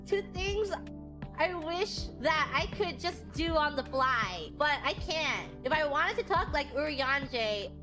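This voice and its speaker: A woman streamer chatting casually, rambling and giggling often. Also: sits high. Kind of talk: casual chat.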